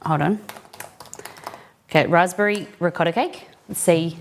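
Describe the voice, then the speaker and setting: A woman's voice: fairly low pitch, measured pace, noisy background. A woman hosting a live cooking stream, chatting casually with viewers and greeting them by name.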